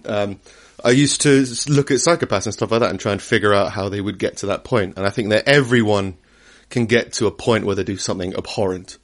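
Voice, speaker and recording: A man's voice: fairly low pitch, a little fast. A young man chatting casually on a podcast, rambling with restarts and laughing often. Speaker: podcast co-host. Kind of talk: casual chat.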